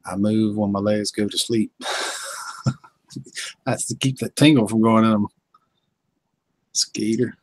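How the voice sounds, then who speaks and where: A man's voice: fairly low pitch, fairly even intonation, slow pace, pauses often, slightly rough, dry recording, rough recording. A man from North Carolina with a Southern accent, hosting a casual live-stream chat in a folksy, drawling way and reading viewers' comments aloud.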